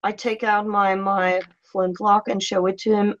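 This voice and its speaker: A woman's voice: medium pitch, little pitch movement, unhurried, hardly any pauses. A woman player in a tabletop game, speaking in character with profane, sarcastic banter. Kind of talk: in-character tabletop role-play. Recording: slightly dull, lo-fi sound.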